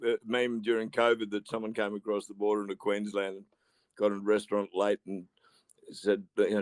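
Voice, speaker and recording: Co-host, lower-voiced man, measured and wordy, dry close sound. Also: steady tone, dry recording. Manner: wordy, measured, chuckles often. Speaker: podcast co-host. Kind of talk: casual podcast chat.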